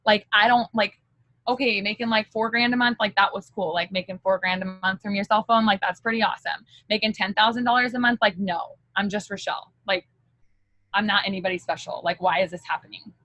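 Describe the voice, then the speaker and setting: A woman's voice: medium pitch, fairly even intonation, fairly quick, bright, forceful tone, no echo, low-quality recording. A woman giving a candid motivational talk as a direct-sales team leader, chatty and full of fillers.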